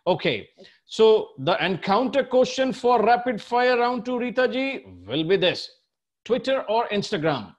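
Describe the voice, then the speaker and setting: A man's voice: sits high, very animated, measured pace. A man hosting a quiz-style interview, mixing English and Hindi and lavishly praising his guest. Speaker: quiz show host. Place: remote, living abroad.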